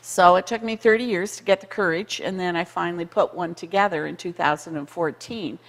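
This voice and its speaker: Older woman, from canada, lowish pitch, animated storyteller, acts out quotes, long studio reverb. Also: fairly quick. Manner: lively, acts out quoted voices, laughs often. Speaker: conference co-founder, guest. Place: community TV studio.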